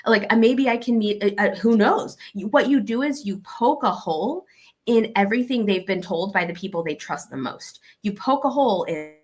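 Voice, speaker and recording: A young woman with a Southern American accent giving casual, animated advice and acting out the exchanges she describes. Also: medium pitch, normal speed. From Arkansas, USA. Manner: animated, acts out quoted exchanges.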